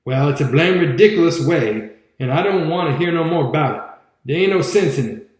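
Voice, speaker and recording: A man reads as a stubborn, argumentative grown man with a Southern accent and a slow, lowered drawl. His voice sits a little high and rings in a very echoey room. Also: expressive, natural voice. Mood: puzzled. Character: stubborn adult man, rural Southern talker. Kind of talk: audiobook character voice.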